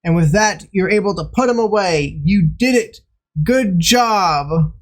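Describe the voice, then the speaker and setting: An excitable gaming video host giving joking casual commentary. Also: medium pitch, a little slow.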